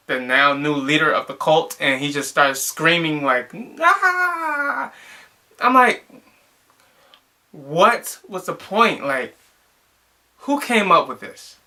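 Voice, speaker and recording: A man's voice: medium pitch, sharp tone. A young man casually reviewing a movie, rambling and exasperated, with lots of filler words.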